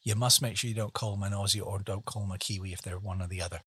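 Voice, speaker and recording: A man's voice: on the low side, fairly even intonation, very fast, pushed and bright, husky, no echo, studio quality. A man hosting a conversational interview, chatty and full of leading questions.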